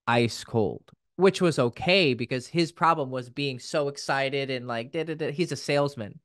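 Animated, swearing male dating coach. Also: mid-range voice, moderate pace, no echo, studio quality. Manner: animated storyteller, swears freely. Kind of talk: casual podcast chat.

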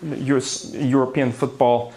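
In a conference hall, a man lectures on the brain before an audience, his medium-pitched voice warm, level and measured in pace. The neuroscience lecturer turns the talk into a playful, theatrical show, slipping in gasps, asides and light jokes.

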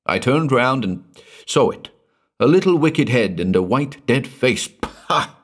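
A man's voice: mid-range voice, lively intonation, slow, breathy edge, voice pushed up. A man voicing a terrified young male actor who talks in a hysterical, breathless way. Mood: fearful.

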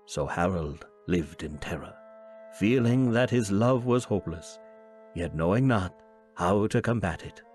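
A man narrating an old tale in a measured, dramatic way. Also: medium pitch, a little mellow.

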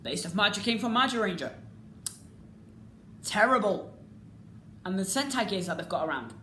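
A woman giving a casual, ranting review as a vlogger, exasperated and repetitive, swinging between loud outbursts and low muttering. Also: big pitch swings, normal speed. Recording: echoey room with faint background noise.

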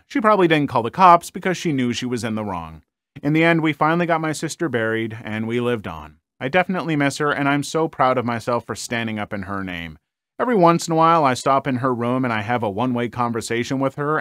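A man reading internet stories aloud and adding his own lively comments between them, on a close, dry mic. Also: mid-range voice, no echo. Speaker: story reader and commentator.

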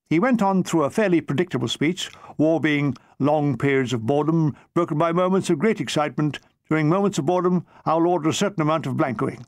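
A man with a fairly high voice reads his own war memoir with wry, deadpan comic timing. The sound is close and dry, with no room echo. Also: fairly quick.

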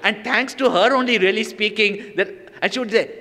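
A swami tells stories in a slightly high voice, acting out what people said. His voice carries the long reverb of a large hall. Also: a little fast, sharp tone, a little hiss or hum. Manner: storytelling with acted quotes and laughter. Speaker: swami giving a talk. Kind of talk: anecdotal spiritual talk.

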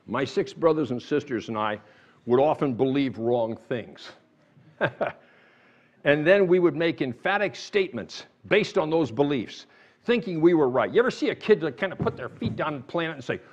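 Animated preacher man, lo-fi church sound. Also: on the high side, normal speed. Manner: animated, rising to emphatic sarcastic outbursts. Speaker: pastor. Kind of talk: sermon. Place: church sanctuary.

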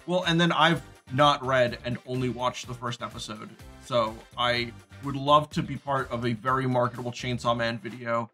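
A man's voice: mid-range voice, sharp tone. A man co-hosting a casual chat while drawing, joking and laughing often. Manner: jokey, laughs often, puts on silly voices. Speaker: podcast co-host.

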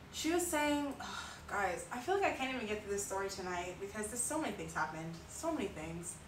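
A woman's voice: on the high side, fairly bright tone. A woman streamer chatting through a story with lots of fillers and sighs. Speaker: artist and streamer. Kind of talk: casual storytelling on a livestream. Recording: roomy sound, mic at a distance, faint noise.

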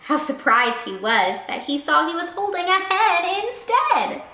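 Animated woman reading a picture book. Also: extremely high pitch, a little slow. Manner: expressive, animated storytelling. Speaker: teacher reading aloud. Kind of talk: picture book read-aloud. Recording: roomy echo.

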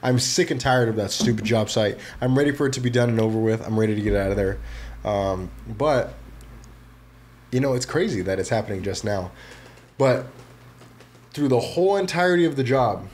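A man's voice: mid-range voice, lively intonation, a little fast, pauses often, darkish tone, a little hiss or hum. A man chatting casually on a podcast, laid-back and joking. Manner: laid-back, joking, laughs at his own lines. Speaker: podcast co-host.

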